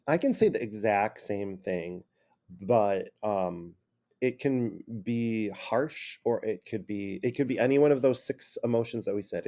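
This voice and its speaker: A male high school teacher giving a casual classroom lecture, acting out example phrases in different tones. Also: warm tone. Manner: casual, acts out quoted phrases with shifting tone.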